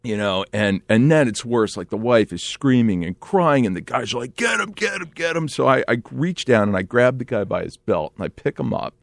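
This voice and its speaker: Gravelly man telling a story. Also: on the low side, moderate pace, few pauses, dry recording. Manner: animated, swings between hushed and excited, many restarts. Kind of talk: casual spoken storytelling.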